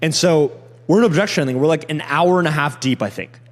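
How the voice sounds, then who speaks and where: Fast-talking young man, roomy echo. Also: a little high. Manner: fast, animated, acts out sales call lines. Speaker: sales closer. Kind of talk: casual podcast chat.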